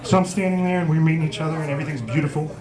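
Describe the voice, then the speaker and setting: A man's voice: a little high, steady tone, rapid-fire, music in the background. A man in his forties doing a profane, self-mocking stand-up set in a pub. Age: 40s. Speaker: stand-up comedian. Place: small pub comedy stage. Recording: live pub crowd noise. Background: crowd laughing.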